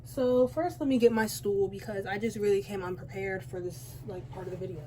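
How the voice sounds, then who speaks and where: Fairly quick and medium-pitched, this teenage beauty vlogger tells a rambling, chatty story while putting on makeup, interrupting herself along the way. She's out of breath, recording at home by a window with background noise.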